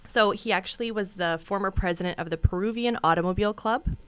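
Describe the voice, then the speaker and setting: A woman's voice: mid-range voice, quick pace, a bit bright, smooth. A woman co-hosting a true crime podcast in casual, chatty talk, rambling into asides and laughing often. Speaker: podcast co-host.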